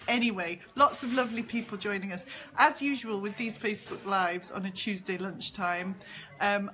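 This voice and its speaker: A woman's voice: medium pitch, bright, forceful tone, a little hiss or hum. A woman hosting a casual live stream from a pub, chatty and giggly as she greets viewers and jokes with her guest. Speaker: host and author.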